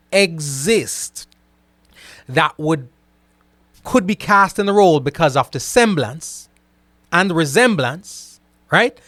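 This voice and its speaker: A man hosting a casual live stream. He reads out viewer comments and answers them in an animated way, often repeating himself and checking in with "right?". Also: on the high side, dry recording. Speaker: host reading live chat comments.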